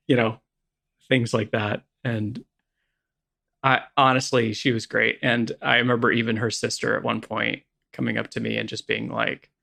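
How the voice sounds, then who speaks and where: Gravelly-voiced man telling a story. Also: medium pitch, flat delivery, normal speed, bright, forceful tone. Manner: rambling, self-deprecating, lots of restarts. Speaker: podcast co-host. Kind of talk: casual storytelling chat.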